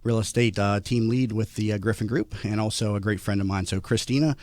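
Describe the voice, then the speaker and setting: A man's voice: fairly low pitch, brisk, darkish tone, no room sound. A man hosting a morning business radio show from the studio, talking loosely with many filler words. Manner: rambling, lots of filler words. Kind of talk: casual radio talk. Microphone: headset studio mic.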